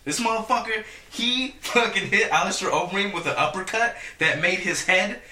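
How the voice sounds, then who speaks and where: A man in casual chat with friends, telling a story in an excitable, animated way with lots of swearing. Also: high-pitched, moderate pace, roomy sound, recorded from a distance.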